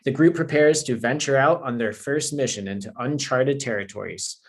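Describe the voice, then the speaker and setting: A man's voice: mid-range voice, moderate pace, husky. A man with a mid-range voice, co-hosting a casual livestream. He reads out comic blurbs at an easy pace. The chat around him is loose and friendly. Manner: relaxed, reads blurbs aloud. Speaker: comics publisher staff co-host.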